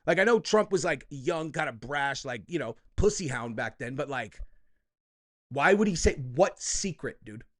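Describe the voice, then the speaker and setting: A man's voice: fairly high pitch, expressive, normal speed. A man hosting heated political commentary, profane and combative, who keeps tagging his points with "okay?" and "dude.".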